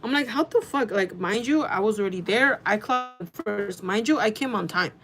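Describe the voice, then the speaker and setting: A woman telling a casual storytime vlog, chatty and animated, swearing freely and talking in quick bursts. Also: medium pitch, over music. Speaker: vlogger.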